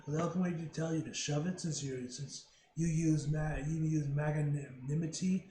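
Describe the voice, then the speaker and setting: A man reacting to a comic in loose, rambling commentary, full of joking asides and restarts. His voice is high for a man. The recording is roomy with a faint hiss underneath. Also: fairly even intonation, moderate pace, warm tone. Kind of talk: casual reading and commentary. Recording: roomy room, faint noise.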